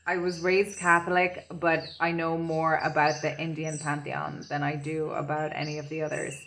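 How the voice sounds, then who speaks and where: A woman's voice: low voice, flat delivery, normal speed, a bit bright, slight background noise. A woman doing an intuitive tarot reading, rambling and searching for her words as she talks. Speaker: tarot reader.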